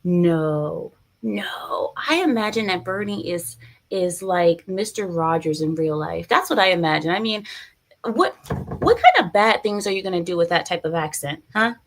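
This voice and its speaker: A woman's voice: on the low side, animated, moderate pace, slight background noise. Woman, streamer doing casual political commentary; chatty, opinionated, talks straight to her viewers.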